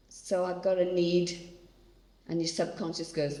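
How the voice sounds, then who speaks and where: Woman seminar speaker, lowish voice, earnest and direct with the crowd, long hall reverb. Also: steady tone, normal speed, a little mellow. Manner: earnest, talks directly to audience members. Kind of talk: conversational church teaching. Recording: echoey hall.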